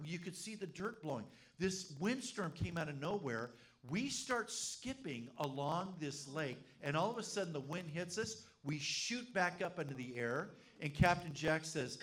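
A man preaching with a fairly high voice, spinning a comic tale into his sermon. He talks like an animated pastor who jokes with his flock before he makes his point. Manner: animated, humorous storyteller. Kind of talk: storytelling sermon.

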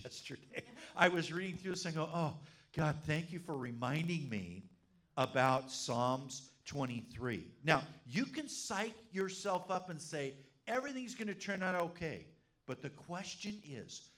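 A middle-aged man preaching a sermon as pastor, telling a funny story with lively energy. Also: fairly high pitch. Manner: animated, humorous storyteller.

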